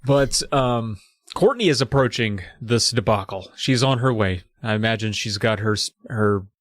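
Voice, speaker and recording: A man's voice: on the low side, normal speed, dry recording. A man co-hosting a podcast, casually recapping a children's book, swearing and acting out the characters. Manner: laid-back, swears, acts out characters. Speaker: podcast co-host.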